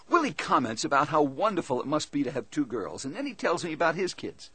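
Man, storyteller, lively and conversational, expressive pitch, dry close sound. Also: quick pace, hardly any pauses, breathy edge, no echo. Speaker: seminar speaker. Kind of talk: first-person storytelling talk.

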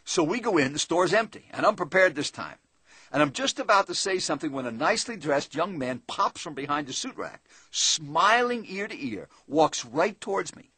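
A man's voice: fairly high pitch, sing-song, moderate pace, bright, forceful tone, breathy edge, no room sound. A man who trains salespeople, telling a story in a seminar style. He talks straight to the listener and often adds tag questions. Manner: conversational, addresses listener directly, asks tag questions.

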